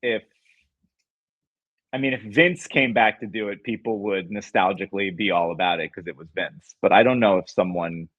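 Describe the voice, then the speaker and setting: A man's voice: on the low side, normal speed, no echo, dull audio. A man co-hosting a podcast in casual chat, rambling and hedging with enthusiasm. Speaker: podcast co-host.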